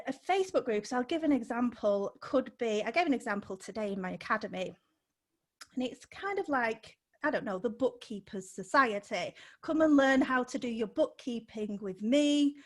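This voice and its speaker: Upbeat woman coach, a bit high-pitched. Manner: lively and upbeat, laughing between points, stressing key words. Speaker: guest, community business coach. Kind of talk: unscripted podcast interview.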